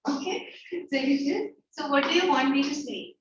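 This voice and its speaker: High-voiced woman teacher, echoey distant call. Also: normal speed, slight background noise. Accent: Indian English. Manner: explains in plain words, repeats phrases, acts out lines. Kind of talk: online class lecture, paraphrasing a play. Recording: echoey, distant, dull online-call audio.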